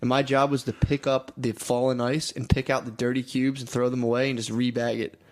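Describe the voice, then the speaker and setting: A man's voice: mid-range voice, flat delivery, a little fast. Man telling crude stories, laughing. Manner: crude, rambling anecdotes with frequent laughter. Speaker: podcast co-host. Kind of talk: casual comedic chat.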